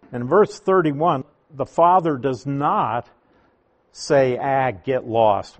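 Taking a Bible passage one verse at a time, a man delivers a sermon with deliberate emphasis. His voice is medium in pitch.

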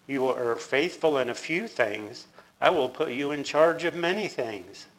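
A man reading scripture aloud, voicing a stern master who judges his servants in a slow, emphatic way. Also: medium pitch, animated, lightly acted, low-quality recording. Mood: approving.

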